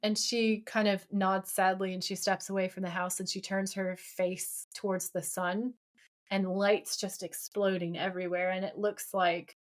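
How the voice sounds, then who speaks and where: A woman's voice: mid-range voice, flat delivery, moderate pace. A woman co-hosting a podcast, retelling a TV episode in casual chat, quoting lines and ranting along the way. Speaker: podcast co-host.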